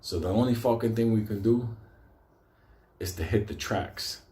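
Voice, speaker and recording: A man with a New York accent telling a wild story with constant swearing, getting loud and excited at the scary parts. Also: on the low side, normal speed, roomy sound. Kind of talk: profane comic storytelling.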